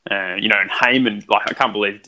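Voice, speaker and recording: Man, young, bright tone, chatty storyteller, fillers and restarts. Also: fairly low pitch, steady tone, a little fast. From Australia. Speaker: guest, son. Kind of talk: casual conversation.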